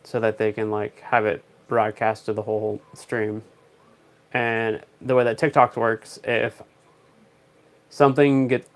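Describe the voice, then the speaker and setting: A young man, chatting on a casual livestream, rambling through stories with dry, joking asides. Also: medium pitch. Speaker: live streamer.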